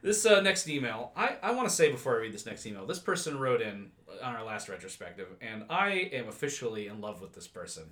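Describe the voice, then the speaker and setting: Male podcast host, playful, animated pitch, roomy echo. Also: fairly quick, hardly any pauses. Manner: playful, reads listener mail aloud. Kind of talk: casual chat.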